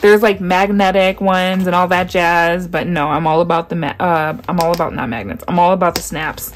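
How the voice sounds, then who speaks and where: A young woman vlogger chatting excitedly through an unboxing. She gasps often and keeps saying how much she loves each item. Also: fairly low pitch, moderate pace, a little hiss or hum. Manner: gushing, gasping, repeats "oh my gosh".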